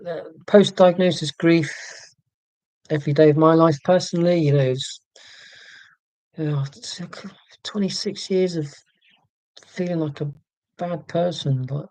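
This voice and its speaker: A man rambles through a casual live stream, self-deprecating and often restarting his sentences. His voice is warm and mellow, recorded dry and close on a laptop mic at home. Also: fairly high pitch, unhurried, long pauses, dry recording. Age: 40s. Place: indoors at home. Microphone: laptop microphone.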